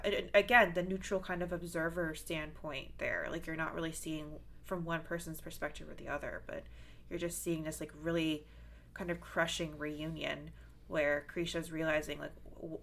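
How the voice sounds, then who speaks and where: A woman co-hosting a podcast, chatting casually about a film with lots of fillers and loud laughter. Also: deep voice, moderate pace, vocal fry, slight background noise. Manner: animated, laughs loudly, many fillers. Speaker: podcast co-host.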